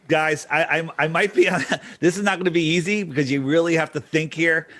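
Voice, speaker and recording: A man's voice: on the high side, fairly even intonation, fairly quick, a bit bright, no echo. A man on a talk show, earnestly explaining his view step by step in casual discussion. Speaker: guest.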